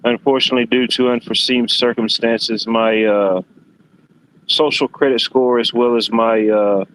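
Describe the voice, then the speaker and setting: A man's voice: mid-range voice, steady tone, moderate pace, fairly bright tone, slight background noise, poor audio. A man hosting a panel show, joking dryly as he wraps up the session.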